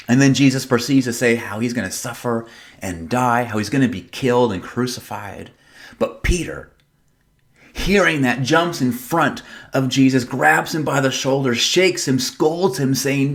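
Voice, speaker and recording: A man's voice: medium pitch, moderate pace. A man preaching a sermon as pastor, in a casual, conversational way, retelling the story with playful drama and rhetorical questions.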